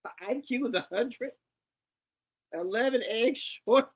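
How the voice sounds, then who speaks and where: A woman's voice: fairly high pitch, unhurried, husky. A woman reacting to an interview clip with dramatic disbelief, cursing freely and talking straight to her viewers. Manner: dramatic and incredulous, jumps from shrieks to muttered sighs. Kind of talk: animated reaction commentary.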